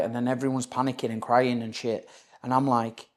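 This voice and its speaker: A young Yorkshire man talks as a podcast guest, recounting his own story in plain, blunt words. He swears freely and keeps checking in with "do you know what I mean" and "mate." His voice sits at an everyday male pitch. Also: flat delivery, brisk. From Leeds area, England. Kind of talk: candid personal storytelling.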